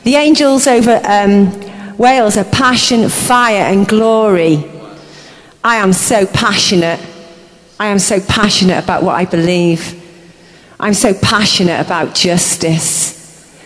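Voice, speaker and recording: A woman preaching a charismatic sermon, impassioned, moving between hushed murmurs and roaring shouts. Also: mid-range voice, a little slow. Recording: echoey hall reverb.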